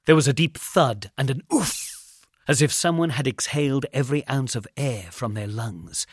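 A man's voice: mid-range voice, breathy edge, dry recording, clean studio sound. Man narrating a suspense tale. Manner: measured, suspenseful, drops to a hush at tense moments. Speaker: storyteller. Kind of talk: scripted story narration.

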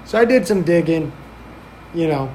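A man hosting a podcast, telling a story in a casual, rambling way full of fillers and swearing, getting animated when he recounts what people said. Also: fairly high pitch, normal speed, slight background noise. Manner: rambling, filler-heavy, profane. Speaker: podcast host.

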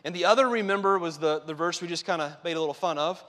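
A man's voice: fairly high pitch, fast talker, a bit bright, in a large hall. A man preaching a sermon as pastor, conversational and emphatic, with repeated phrases.

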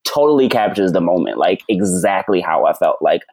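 A man telling a story as a podcast guest, animated, rambling and acting out quoted dialogue. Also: low voice, vocal fry, dry recording. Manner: fast, rambling with many "like"s. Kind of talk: casual storytelling chat.

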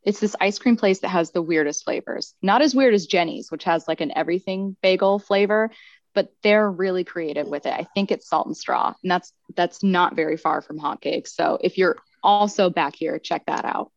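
A woman's voice: lowish voice, normal speed, no echo. A young woman guest on a sports podcast, talking casually and chattily with lots of fillers and self-deprecating asides. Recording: dull, slightly muffled sound.

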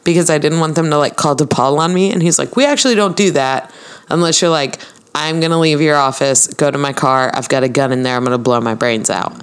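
A woman's voice: low-pitched, brisk, clear, resonant tone. A woman co-hosting a casual podcast, telling stories and acting out the dialogue. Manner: chatty storyteller acting out quoted dialogue. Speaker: podcast co-host. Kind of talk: casual chat, storytelling.

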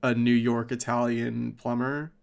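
A man's voice: mid-range voice, flat delivery, unhurried, creaky, clear, resonant tone. A man co-hosting a podcast, chatting casually in a rambling way with lots of fillers and swearing. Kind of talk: casual chat.

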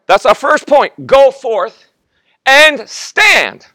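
A man's voice: extremely high pitch, animated, moderate pace, bright, forceful tone, no echo. A man in his fifties, a guest pastor, preaching a sermon and telling a personal story with acted-out quotes, stumbling and restarting often.

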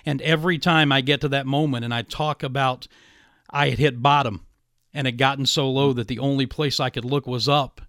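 A man's voice: mid-range voice, steady tone, fairly quick, fairly bright tone, dry recording, clean studio sound. A man hosting a radio interview, talking earnestly with frequent small restarts. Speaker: radio show host.

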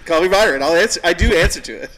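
A man's voice: high-pitched, lively intonation, very fast, fairly bright tone. A man from Canada chatting casually on a podcast, telling long rambling stories and swearing freely. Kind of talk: casual chat.

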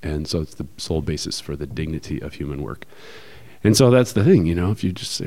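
A man's voice: a bass voice, lively intonation, fast talker, mellow. A man co-hosting a podcast, explaining ideas in a casual discussion, thoughtful and full of fillers. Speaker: podcast co-host.

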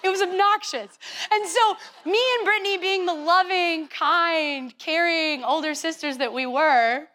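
Animated high-voiced young woman youth leader. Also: unhurried. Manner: animated, chatty, playful with sisterly teasing. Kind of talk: youth talk storytelling.

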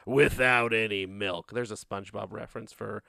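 A man's voice: on the low side, fairly even intonation, moderate pace, vocal fry, pushed and bright, no room sound, studio quality. A man co-hosting a podcast, joking through playful banter. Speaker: podcast co-host. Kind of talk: casual podcast chat.

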